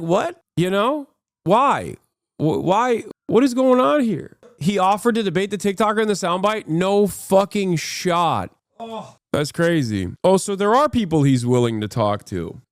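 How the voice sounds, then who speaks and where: This streamer, a man in his thirties, swears his way through incredulous, exasperated rants as he watches clips live. The recording is clean studio sound with no room tone, and his voice sits a little on the high side.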